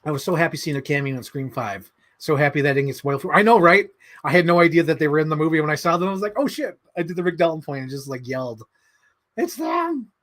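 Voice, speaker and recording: A man hosting a casual livestream, answering chat in an animated, excitable way with many fillers. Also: on the high side, racing. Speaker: livestream host reading chat.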